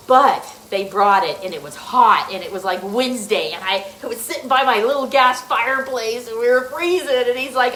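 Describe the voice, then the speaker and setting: A middle-aged woman hosts a casual cooking demonstration in her home kitchen, chatting, laughing often, and addressing viewers directly. Her voice is fairly high and a bit bright, with slight background noise. The room is echoey, and food sizzles faintly in a pan.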